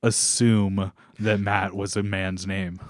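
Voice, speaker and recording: A man with a somewhat low voice chats on a podcast, rambling with fillers and cracking jokes. He laughs a lot. The sound is close and dry, with no room echo. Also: level tone, slow. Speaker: podcast co-host. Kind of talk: casual chat.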